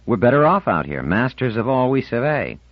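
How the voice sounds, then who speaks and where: A man's voice: mid-range voice, very animated, brisk, dry recording, pitched above the performer's own voice. A man doing a breezy teasing teenage boy. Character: cheerful teasing seventeen-year-old boy. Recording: dull lo-fi audiobook recording.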